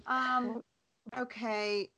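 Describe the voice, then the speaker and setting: A woman co-hosting a casual chat with friends, quick and playful in her reactions. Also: on the high side, flat delivery, pushed and bright, a little hiss or hum, low-quality recording. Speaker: podcast co-host.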